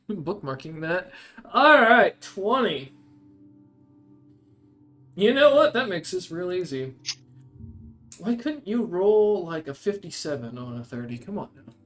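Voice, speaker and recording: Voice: mid-range voice, sing-song, slow, long pauses, a bit bright, soft background music. A game master narrating a tabletop game in a loose, rambling way, laughing and swearing casually.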